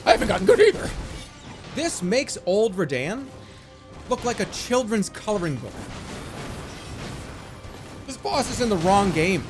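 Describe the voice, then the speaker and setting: A man in his thirties streams a game, his fairly high voice leaping all over the place. He rants and swears in exasperation, and faint game music plays behind him. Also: a little slow, pauses often. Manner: exasperated, swearing, animated ranting. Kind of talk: live gaming commentary.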